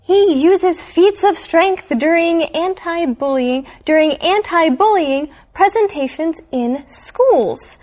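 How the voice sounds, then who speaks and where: A woman with a high, bright voice hosts a reading lesson at an unhurried pace. She sets up each point plainly and reads the text aloud for listeners to follow. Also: expressive. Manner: friendly, explanatory, reads passages aloud. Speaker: language lesson host.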